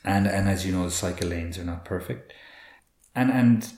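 A man, a guest expert explaining in an earnest, animated way, often restarting with repeated words. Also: low-pitched, normal speed, a little hiss or hum. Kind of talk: conversational explaining. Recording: roomy echo.

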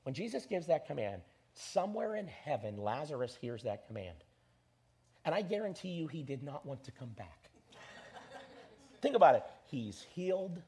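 A pastor preaching an animated sermon and leading his congregation in call-and-response. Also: on the high side, normal speed, breathy edge.

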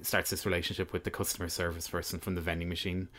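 A man with a very low voice, chatting casually about a film he watched. He is wry and gets animated when something bugs him. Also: quick pace. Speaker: film review podcast host. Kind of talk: casual chat.

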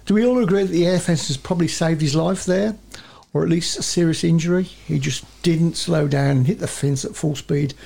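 A British man reads listener messages on a chat podcast. His voice is slightly high, but it comes across dark and husky with a gravelly edge, and his asides are dry and jokey. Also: fairly quick, hardly any pauses. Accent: British English. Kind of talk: reading messages aloud. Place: studio.

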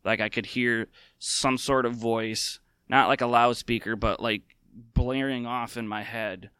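Young guy podcast host, casual and open, bright clean voice, dry close sound. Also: mid-range voice, fairly even intonation, unhurried, clean tone, no echo. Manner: candid and heartfelt, many fillers and restarts. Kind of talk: casual personal talk.

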